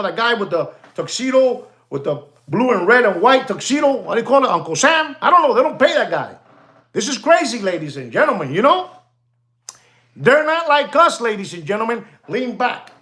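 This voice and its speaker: Older male watch dealer doing a livestream rant, high-pitched, swooping all over, repeats himself, sprinkles in Spanish slang. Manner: animated, rambling, repeats himself, addresses audience as ladies and gentlemen. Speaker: watch dealer hosting his channel.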